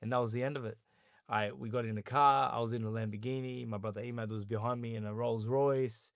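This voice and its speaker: An Australian man, a guest on an interview podcast, telling a story in a lively conversational way and acting out what other people said. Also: mid-range voice, fast talker, vocal fry, clear, resonant tone, dry recording, clean studio sound. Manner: animated retelling, acting out others' words in quotes.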